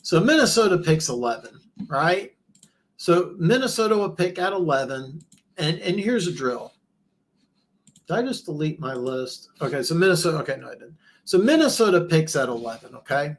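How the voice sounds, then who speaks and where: A man hosting a casual football talk show, his voice sitting a bit higher than most men's. He rambles and stammers through restarts, then climbs sharply in pitch when something baffles him. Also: sing-song, moderate pace. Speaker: podcast host.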